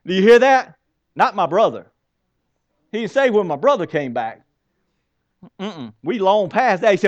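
A man preaching a sermon, animated, asking his listeners rhetorical questions and reading scripture aloud with dramatic pauses. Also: sits high. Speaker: pastor.

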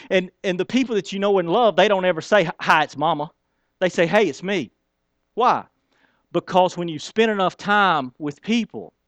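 In a slightly high voice, a man delivers a sermon as pastor, speaking to his congregation in a conversational tone and performing the lines he quotes. There's no room sound.

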